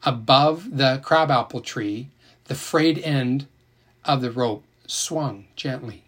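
Male narrator with a mid-range voice, audiobook style, expressive and emotionally engaged. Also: medium pitch, slow pace, husky.

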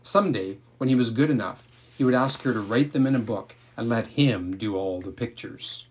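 A man narrating a novel aloud in a calm, measured storytelling manner. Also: mid-range voice, husky. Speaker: audiobook narrator.

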